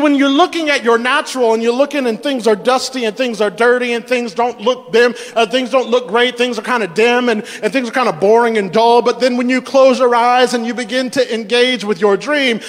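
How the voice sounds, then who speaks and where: A man's voice: very high voice, a little fast, hardly any pauses, long reverb tail. A male pastor preaching a sermon, asking the congregation questions and repeating words as he builds each point.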